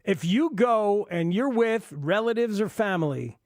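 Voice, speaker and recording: Excitable male sports radio host. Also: high-pitched, unhurried, no room sound, clean studio sound. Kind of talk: sports talk radio chat.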